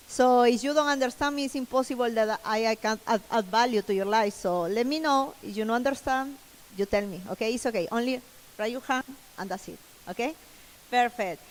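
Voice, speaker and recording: A woman with a Spanish accent, a native Spanish speaker, giving an earnest motivational keynote in halting English. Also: on the high side, long reverb tail, poor audio. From Latin America. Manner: earnest, repeats herself, broken English. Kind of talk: motivational stage talk. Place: large event hall.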